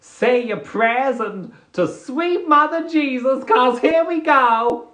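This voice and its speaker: A dramatic cowboy calling out a train service, as a man puts him on. He stretches every word in a slow, theatrical drawl, and his pitch rises and falls widely. It is heard over a live-stream mic. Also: animated, pushed and bright, full character voice. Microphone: phone or webcam on a live stream.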